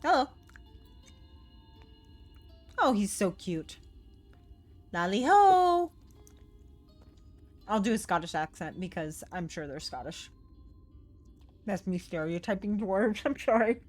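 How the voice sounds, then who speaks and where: A woman's voice: on the low side, normal speed, soft background music. A young woman streamer chatting in a giggly, gushing way while playing a game. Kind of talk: casual game stream chat.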